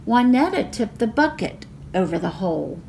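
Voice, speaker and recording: A woman reading a picture book aloud as a library storyteller, slow and expressive. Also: on the high side, gravelly, slight background noise.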